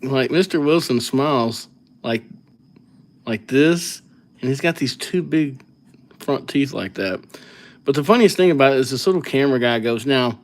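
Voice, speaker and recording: A man hosting a live calligraphy stream, chatting casually and rambling as he thinks aloud between names. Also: mid-range voice. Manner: rambling, easygoing, thinks aloud while writing. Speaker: livestream calligraphy host.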